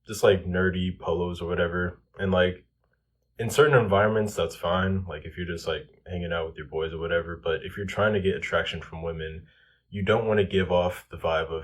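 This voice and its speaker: A man's voice: deep voice, fairly even intonation, a little fast, slightly rough. A young man giving casual self-improvement advice, loose and full of "like" and "um". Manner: loose, filler-heavy, lots of "like" and "um".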